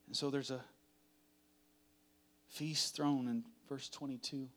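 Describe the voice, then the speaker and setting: A man preaching a sermon in a dramatic, chatty way, swinging from hushed to loud. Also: medium pitch, little pitch movement, slow. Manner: conversational, uses "like" often.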